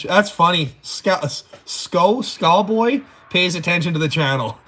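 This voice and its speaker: A man's voice: fairly high pitch, expressive, a little fast, a bit bright. A man hosting a casual livestream, joking crudely, laughing often and reading viewer comments. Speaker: livestream host.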